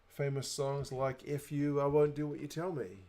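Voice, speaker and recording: A man's voice: on the high side, level tone, moderate pace, mellow. A young adult man with a New Zealand accent, hosting a casual livestream, chatting away and reading viewer comments aloud. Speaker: livestream host.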